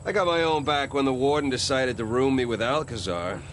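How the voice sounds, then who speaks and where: An actor playing a middle-aged ex-convict who rambles and jokes, in video game cutscene dialogue. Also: male voice, medium pitch, a little fast, a bit bright, slight background noise, lightly acted. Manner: rambling, jokey storyteller. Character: male ex-convict, chatty and joking.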